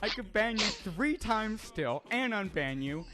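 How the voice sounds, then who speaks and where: A man's voice: sits high, big pitch swings, a little slow, bright, forceful tone. Brash stammering male streamer. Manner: brash, profane, stammering restarts, reading chat aloud. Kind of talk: casual live-stream chat.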